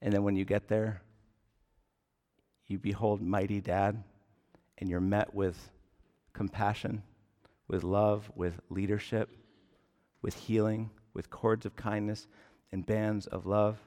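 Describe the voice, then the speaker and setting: A man in his thirties preaching a sermon as pastor, earnest and deliberate, with emphatic rises on key words. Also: on the low side, level tone, warm tone. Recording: long hall reverb.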